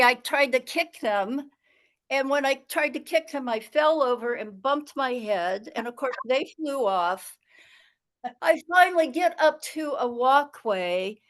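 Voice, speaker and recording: Woman storyteller, high voice, slow and dramatic, exasperated comic tale. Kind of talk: comic tall tale told over a video call.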